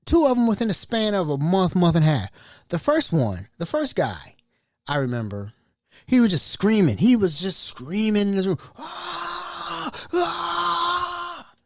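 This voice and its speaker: A man, a chef, telling colloquial anecdotes in a casual, animated way. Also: high voice, normal speed. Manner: animated, colloquial, laughing asides. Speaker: chef, storyteller.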